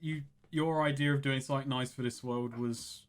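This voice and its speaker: A man's voice: medium pitch, fairly even intonation. A man playing a tabletop role-playing game, chatting casually and correcting himself mid-thought. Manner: rambling, self-correcting, quick asides. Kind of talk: casual in-character table talk.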